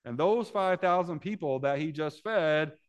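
A man preaching a sermon as pastor, telling a story with lively delivery and then dropping low and earnest as he addresses the congregation. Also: measured pace. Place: church sanctuary with congregation.

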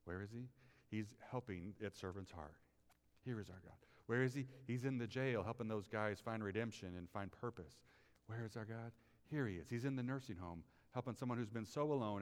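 Man preaching in a reverberant hall. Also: on the low side. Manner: swings from quiet confiding to loud preaching. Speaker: pastor. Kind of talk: sermon.

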